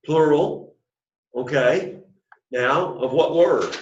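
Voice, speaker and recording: A man's voice: a little high, slow pace, a little hiss or hum. A man teaching an introductory Greek class, patiently drilling students after opening with a prayer. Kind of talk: classroom lesson. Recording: echoey room, dull lo-fi sound.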